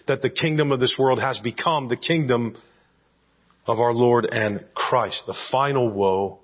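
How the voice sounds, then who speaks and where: A man's voice: medium pitch, dull audio. A man preaching an expository sermon as pastor, teaching verse by verse and checking in with his listeners with rhetorical questions.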